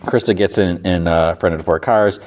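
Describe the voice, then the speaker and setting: A man hosting a podcast, casually recapping an episode in a loose, rapid way, quoting characters as he goes. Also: low voice, a little mellow. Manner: rapid retelling with "he's like" quotes, loose restarts. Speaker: podcast host.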